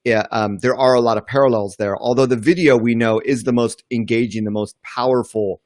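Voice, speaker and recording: A middle-aged man, a marketing author, speaking as a guest in a casual video-call interview, confident and relaxed. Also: mid-range voice, brisk, dry recording, studio quality. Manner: confident, relaxed, uses "you know". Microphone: video call setup.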